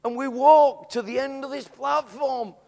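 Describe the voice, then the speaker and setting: High-voiced preacher in a reverberant hall. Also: male voice, measured pace, creaky. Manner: animated storytelling, rising to excited shouts. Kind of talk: sermon with storytelling.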